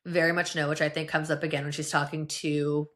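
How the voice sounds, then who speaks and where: A woman's voice: sits low, little pitch movement, a little fast, fairly bright tone. A woman co-hosting a podcast, sharing reflective personal opinions in casual chat. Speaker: podcast co-host.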